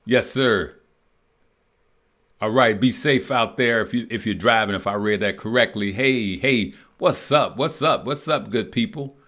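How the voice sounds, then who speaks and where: Guy running a trading livestream, kinda low voice, laughs a lot, greets chat, thinks out loud on charts. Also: measured pace. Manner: chatty, laughs often, greets viewers by name; thinks aloud, trails off while checking charts. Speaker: livestream host for stock and crypto trading. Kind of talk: casual live-stream chat reading viewer comments.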